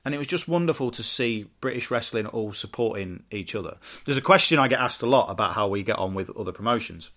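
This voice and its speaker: A man hosting a casual solo podcast, heartfelt and rambling with restarts, bursting into excitement now and then. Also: lowish voice, fast talker, hardly any pauses. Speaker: podcast host and wrestling promoter.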